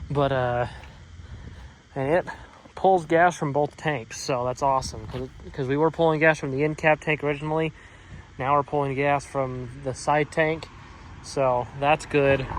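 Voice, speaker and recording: This casual shop vlog finds a mechanic vlogger outside at his home car shop, talking loosely through repairs on his old trucks with frequent "so, yeah" fillers and the odd swear word. He speaks in a fairly high, slightly bright voice, captured in a low-quality recording with slight background noise.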